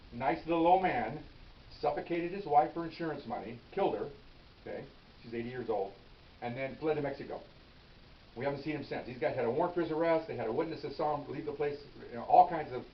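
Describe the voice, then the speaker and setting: An older man, a retired police officer, casually telling a story from his career and acting out the dialogue with frequent asides. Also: medium pitch. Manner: conversational, acts out dialogue, frequent "okay?" asides. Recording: roomy, distant, dull lo-fi sound with faint hiss.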